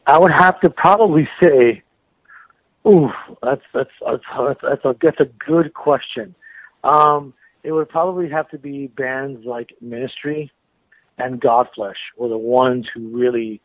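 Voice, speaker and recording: An American man being interviewed as a metal guitarist, chatty and relaxed, laughing often and repeating words as he thinks. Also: mid-range voice, a little slow, no room sound. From United States. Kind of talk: casual phone interview. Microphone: phone. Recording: tinny dry phone line.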